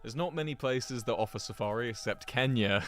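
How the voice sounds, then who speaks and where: A man's voice: medium pitch, moderate pace, a bit bright, soft background music. A man giving rambling, chatty commentary to his viewers while he plays a geography game, laughing often. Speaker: streamer.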